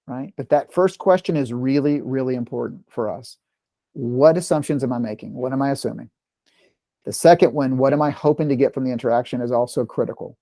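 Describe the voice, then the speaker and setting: Mellow-voiced man leading a parent workshop. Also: a little high, dry recording, studio quality. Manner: conversational, with frequent "right?" check-ins. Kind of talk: informal talk to parents.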